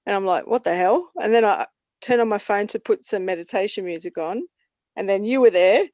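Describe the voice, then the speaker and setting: A woman's voice: mid-range voice, brisk, no room sound. A woman chatting casually on a video call, telling stories with lots of laughter. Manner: laughs often, animated storytelling. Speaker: guest. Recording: dull, dry video call audio.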